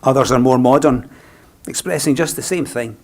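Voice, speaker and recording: Man, Scottish accent, funeral celebrant, eulogy, gentle, unhurried, reflective. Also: medium pitch.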